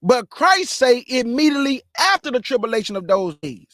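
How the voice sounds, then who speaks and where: High-voiced fast-talking preacher man. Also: very animated, a bit bright, no room sound, studio quality. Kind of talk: live-streamed bible teaching.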